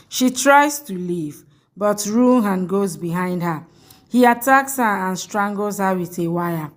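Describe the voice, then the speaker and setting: A woman narrating a soap opera episode recap, reading characters' lines in a flat, even way. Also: mid-range voice. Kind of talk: scripted plot recap narration.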